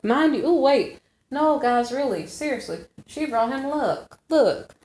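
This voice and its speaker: A woman's voice: fairly high pitch, mellow. A woman giving a casual tarot reading to viewers, rambling and correcting herself as she goes, often checking in with "okay?". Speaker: tarot reader. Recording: roomy echo.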